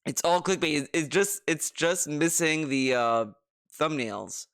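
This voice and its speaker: A man's voice: a little high, unhurried, fairly bright tone, clean tone. A man streaming his reaction to videos, ranting with heated, profane sarcasm. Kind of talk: ranting commentary.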